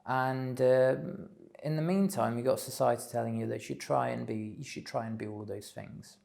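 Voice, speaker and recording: A man giving a slow, thoughtful spiritual talk, pausing often with fillers. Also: mid-range voice, steady tone, creaky, a little mellow. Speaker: spiritual teacher. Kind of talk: reflective solo talk.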